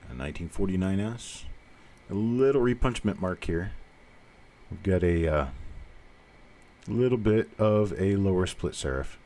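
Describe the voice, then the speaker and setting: A deep, mellow-voiced man in his fifties hosts a casual coin live stream, his mild Southern accent reflecting his roots in the Southern U.S. He's expressive and unhurried, pausing often. His talk is blunt and rambling, laced with self-mockery.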